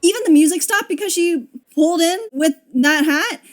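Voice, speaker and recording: A young woman giving casual movie commentary, expressive, laughing and swearing as she reacts. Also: very high voice, normal speed, over music. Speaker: video creator.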